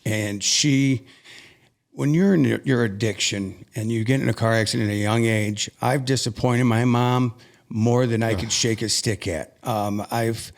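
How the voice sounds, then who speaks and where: A man appearing as a podcast guest tells a deeply personal story, speaking earnestly and emotionally and frequently restarting his sentences. His voice is a middle pitch, gravelly, with fairly even intonation and a slightly slow pace.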